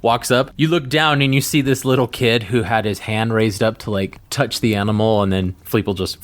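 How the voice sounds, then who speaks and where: Acting as game master for a tabletop game, a man narrates scenes in a relaxed manner, using frequent fillers. His voice is on the low side and his speed is normal.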